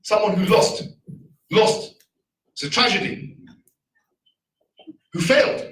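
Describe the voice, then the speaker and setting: A man giving a casual, argumentative talk to a live audience, full of rhetorical questions and quick asides. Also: high voice, huge pitch swings, fairly bright tone, reverberant, far from the mic, low-quality recording. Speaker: speaker.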